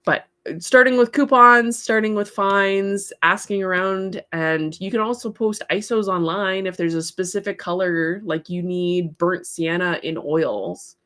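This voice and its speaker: A woman's voice: mid-range voice, steady tone, a little slow, few pauses, a bit bright. A woman hosting a craft livestream, chatting casually, reading viewer comments aloud and giving encouraging advice with frequent laughs. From part English heritage. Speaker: livestream host, artist.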